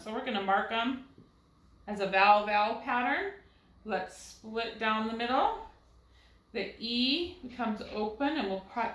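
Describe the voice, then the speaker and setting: In a low-quality, reverberant recording, a woman with a fairly high, slightly bright voice teaches a first grade phonics lesson. She patiently sounds out words syllable by syllable, using rhetorical questions to guide her young students.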